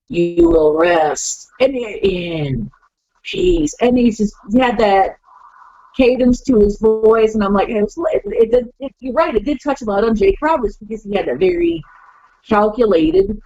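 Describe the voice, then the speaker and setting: A woman on a podcast call, chatting casually, animated, acting out quoted lines and laughing often. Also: fairly high pitch, moderate pace, dry recording, dull audio. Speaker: guest wrestler.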